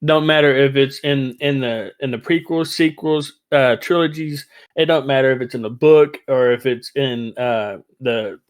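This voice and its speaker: A man hosting a casual fan podcast, talking in an excitable, rambling way and laughing easily. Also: mid-range voice, normal speed, few pauses. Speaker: podcast host.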